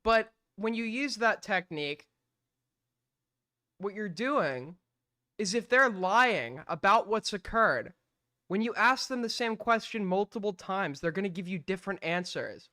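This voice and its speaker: A man with a high, bright and clear voice holds forth on his stream, blunt and argumentative, swearing freely. The sound is dry and close. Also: lively intonation, measured pace, no room sound. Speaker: streamer host. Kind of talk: heated live-stream commentary.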